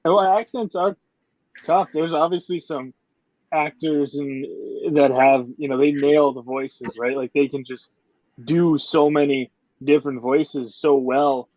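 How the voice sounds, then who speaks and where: A podcast host with an Upper Michigan accent, speaking in a fairly high voice. He chats easily and asks follow-up questions. The sound is dry and a bit muffled and lo-fi. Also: steady tone, measured pace, a little mellow, no room sound. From Upper Michigan, USA. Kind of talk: casual interview chat.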